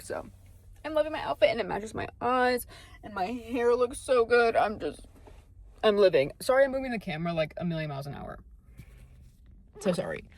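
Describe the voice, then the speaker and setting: A young woman chatting casually to her phone camera in a vlog, bubbly and gushing, full of slang. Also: mid-range voice. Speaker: vlogger.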